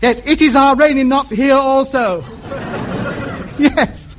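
A man's voice: extremely high pitch, slow pace, a crowd in the background. An actor playing a chatty male amateur radio ham who over-explains in an exasperated way, in 1950s radio comedy style. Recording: muffled old radio recording with hiss.

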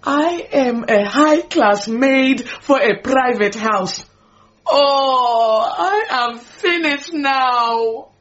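A woman's voice: on the high side, slow, few pauses. A woman playing a proud, possessive middle-aged housemaid, scolding and wailing theatrically. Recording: dull lo-fi radio recording.

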